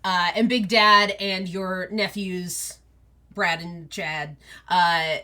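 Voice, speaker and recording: Woman, game master, bright voice, unhurried, casual narration. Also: lowish voice, fairly even intonation. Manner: casual, many fillers.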